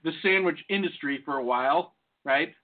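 A man's voice: fairly high pitch, normal speed. A man co-hosting a podcast, joking and rambling in casual banter. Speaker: podcast co-host. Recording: phone-like lo-fi audio.

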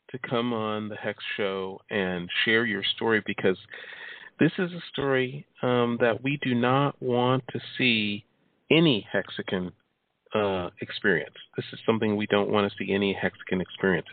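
Low-voiced host on a phone line. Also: male voice. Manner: measured, with many fillers. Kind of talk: call-in show hosting.

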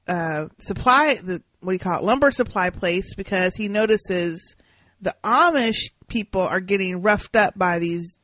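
A podcast co-host recaps an episode in casual conversation, her medium-pitched voice moving at normal speed. She's animated and acts out the characters' lines, though the recording quality is low.

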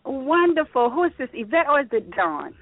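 A woman hosting a live internet radio talk show, bubbly and excitable, laughing often and out of breath. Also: a little high, a little fast, gravelly, no room sound. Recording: phone-line quality, dry.

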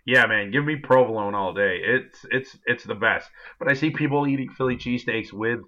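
A man's voice: mid-range voice, fairly quick, bright, forceful tone. Rambling young man, dull lo-fi sound. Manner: rambling, with many fillers. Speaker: podcast co-host. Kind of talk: casual chat.

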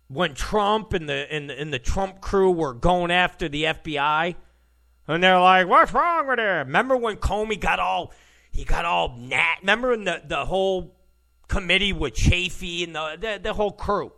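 A man's voice: high voice, normal speed, vocal fry, sharp tone. A man hosting ranting political commentary, sarcastic and mocking, who mimics opponents in exaggerated voices.

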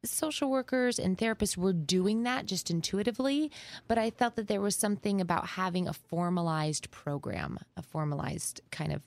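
A woman therapist talking on a show, measured and thoughtful, explaining things carefully. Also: mid-range voice, gravelly, no room sound. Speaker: therapist and guest host. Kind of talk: conversational interview talk.

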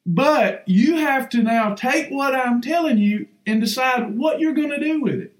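Man, emphatic folksy preacher, high voice, roomy echo. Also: measured pace. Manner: folksy, emphatic, repeats lines for effect. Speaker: podcast host. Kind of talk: fiery preaching on weight loss.

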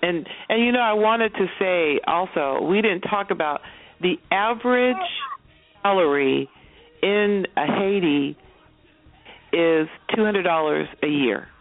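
A woman's voice: lowish voice, animated, measured pace, soft background music. A woman guest on a call-in show, speaking earnestly and fervently and often restarting her sentences. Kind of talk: casual call-in interview. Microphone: phone. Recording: tinny phone line.

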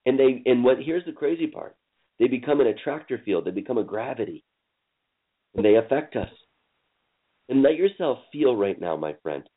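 A man leading a guided forgiveness session on a call, speaking slowly and soothingly with lots of repetition. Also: mid-range voice. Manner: slow, soothing, repetitive coaching. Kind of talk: guided emotional healing session. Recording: tinny phone-line audio.

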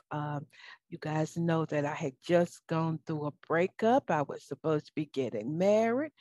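A woman hosting her own talk show alone, speaking emotionally and warmly about faith to her listeners, with fillers and stammered restarts. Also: sits low, no echo, clean studio sound. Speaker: talk show host and life coach. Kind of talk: solo talk show monologue.

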